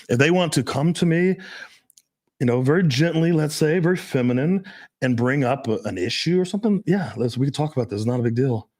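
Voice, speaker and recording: A man speaking in a casual podcast conversation, his voice sitting at an ordinary middle pitch. He talks loosely, swears freely and fills his sentences with likes and ums. He laughs often as he goes. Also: lively intonation, fairly quick, darkish tone. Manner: loose and profane, many fillers, laughs often.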